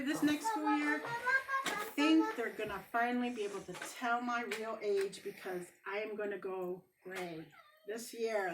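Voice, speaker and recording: A woman in her forties works a small comedy stage, telling loose family stories with plenty of ums and self-mocking asides. Her voice sits a little high. It is caught from some distance off the mic, with a faint hiss underneath. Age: 40s. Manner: chatty, rambling, self-deprecating, many fillers. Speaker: amateur stand-up comic. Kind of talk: stand-up comedy storytelling.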